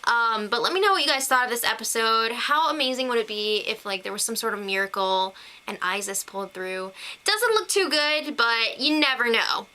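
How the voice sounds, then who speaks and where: Bright, chatty young woman recapping. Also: on the high side, lively intonation, normal speed. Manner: gushing, chatty, with laughs and fillers. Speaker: TV recap vlogger. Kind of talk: casual episode recap to camera.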